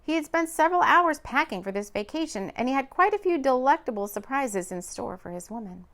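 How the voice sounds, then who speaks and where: A woman narrating a romance audiobook in an expressive, lively reading. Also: sits high, a little fast.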